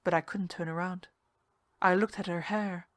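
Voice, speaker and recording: A woman's voice: lowish voice, steady tone, moderate pace, no room sound. Woman reading a ghost story, dry sound. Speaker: story reader. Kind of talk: scripted narration of a ghost story.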